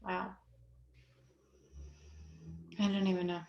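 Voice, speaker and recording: Woman host, effusive, grateful, casual interview talk, mid-pitched voice. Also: level tone, slow, gravelly, lo-fi sound. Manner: warm, effusive, thanks the guest often.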